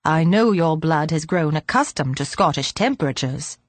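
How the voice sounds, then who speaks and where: A woman's voice: deep voice, animated, normal speed, no room sound. A woman reading an audiobook, voicing a very old man who speaks dryly and fretfully. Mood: kindly. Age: older. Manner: dry, fretful.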